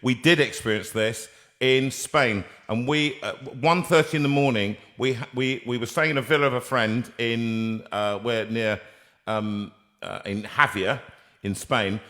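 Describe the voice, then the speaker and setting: A man's voice: mid-range voice, measured pace, a bit bright. A man hosting a live show, chatting casually and jokily with a guest, with frequent restarts. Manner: chatty, jokey, trailing restarts. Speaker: host. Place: studio room.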